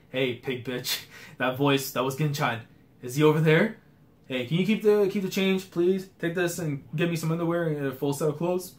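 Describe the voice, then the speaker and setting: A young man reading a manga aloud for a live reaction video, breaking off into slangy asides. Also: mid-range voice. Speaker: anime and manga reaction youtuber.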